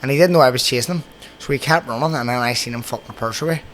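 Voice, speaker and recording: Man, Belfast accent, podcast host, rapid talker, swears a lot, faint ambience. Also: medium pitch, slight background noise. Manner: swears constantly, animated anecdotes. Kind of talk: casual storytelling chat.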